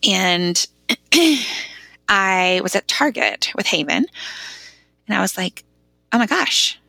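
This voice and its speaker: Gravelly low-voiced woman telling her story. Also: slow, bright, forceful tone, no echo. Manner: conversational, frequent "like" fillers. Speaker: podcast guest. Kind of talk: heartfelt personal storytelling.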